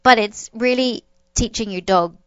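Female podcast host and dog trainer, smooth voice, dry dull recording, reassuring and loose. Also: on the high side, a little slow, dry recording. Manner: reassuring, loose, many restarts. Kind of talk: advice podcast chat.

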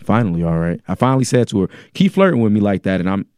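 A man in his forties, a podcast host reading a listener's letter aloud in casual chat with a deadpan, joking delivery. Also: lowish voice, fast talker, clean tone. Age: 40s.

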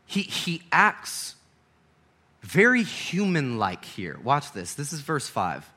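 A young man preaching an animated sermon, swinging from hushed to loud and laughing often. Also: a little high, slow pace.

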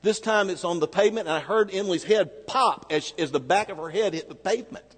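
A man preaching a sermon, telling a personal story in a conversational way and slowing down hard for emphasis. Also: sits high, husky, big-room sound. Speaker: pastor.

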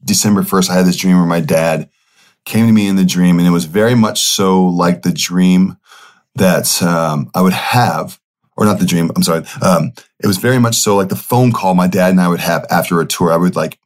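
A man's voice: low-pitched, a little fast. A young man hosting a podcast, telling a personal story in a loose, rambling way with many fillers and self-corrections. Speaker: podcast host. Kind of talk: casual storytelling monologue.

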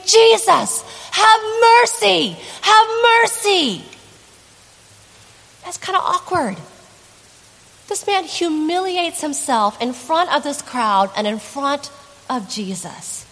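A woman's voice: on the high side, a bit bright. Earnest woman preaching in a reverberant hall. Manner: earnest, conversational preaching with dramatic emphasis. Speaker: pastor. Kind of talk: sermon.

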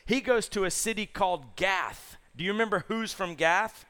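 A man with a slightly high voice preaches to a room of young people. He tells the story in an animated, slangy way and keeps asking his listeners questions. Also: moderate pace, clean tone. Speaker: youth pastor.

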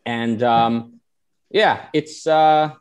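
Male host, casual panel chat, mid pitch, loose and rambling delivery. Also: drawn-out words, smooth. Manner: animated, rambling with fillers.

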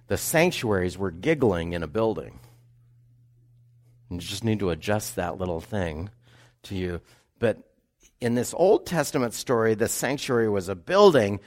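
A man's voice: lowish voice, expressive, a little slow. A man preaching in church, reading scripture aloud and then turning to ask the congregation questions. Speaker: pastor. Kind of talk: sermon. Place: church sanctuary.

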